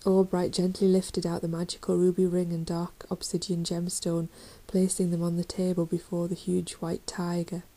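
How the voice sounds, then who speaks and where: A woman's voice: lowish voice, completely flat delivery, moderate pace, hardly any pauses, poor audio. A woman narrating a children's fantasy storybook in a dramatic reading style. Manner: dramatic reading, raising voice for shouted lines. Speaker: audiobook reader.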